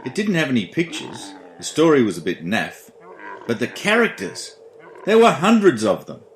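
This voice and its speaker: A man's voice: medium pitch, wildly swooping pitch, moderate pace, echoey room, background noise. A man hosting a comic radio show, announcing in a dry, self-mocking way.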